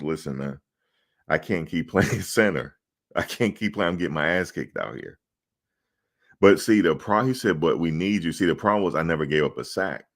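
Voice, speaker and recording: Very deep-voiced middle-aged man, loud, profane, animated storyteller, casual sports chat. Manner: loud, emphatic, profane, acts out quoted exchanges. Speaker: sports show host.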